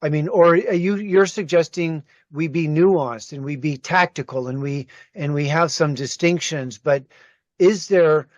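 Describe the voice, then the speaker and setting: A man moderating a group discussion, asking questions in a measured way. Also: on the high side, no echo, dull audio.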